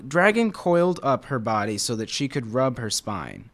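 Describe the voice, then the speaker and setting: A man's voice: mid-range voice, big pitch swings, moderate pace, hardly any pauses. A man reading a children's novel aloud in a casual way, with slips and restarts. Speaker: reader.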